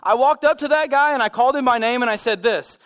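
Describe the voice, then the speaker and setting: A man preaching a sermon as pastor, telling animated stories with self-deprecating humor. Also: very high voice, fast. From United States. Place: church sanctuary.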